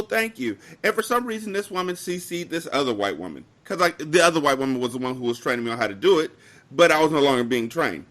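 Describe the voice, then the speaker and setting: A young man co-hosting a podcast, telling a work story in casual chat with animated delivery and mock-formal phrasing. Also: on the high side. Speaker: podcast co-host.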